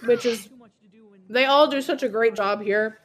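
Brief: chatty, giggly woman, slightly high voice, relaxed commentary. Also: unhurried, crowd noise. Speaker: writer on commentary. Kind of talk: casual commentary chat.

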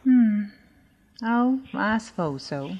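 Actress as a sweet older church lady, lively sing-song voice, syrupy endearments, radio drama. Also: mid-range voice, slow pace, highs cut off, a little hiss or hum. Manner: sugary, calls the visitor dear and honey. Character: sweet older woman, a doting churchgoing hostess. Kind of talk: audio drama acting.

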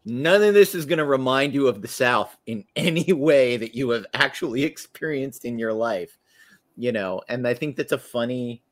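Man in an animated podcast chat. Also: mid-range voice, moderate pace. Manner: animated, laughing, restarting phrases. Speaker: podcast guest or host, artist.

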